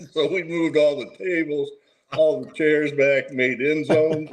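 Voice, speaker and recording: A man guest recounting stories in a relaxed, anecdotal way, laughing as he goes. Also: fairly high pitch, takes it slowly, low-quality recording. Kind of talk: casual storytelling chat.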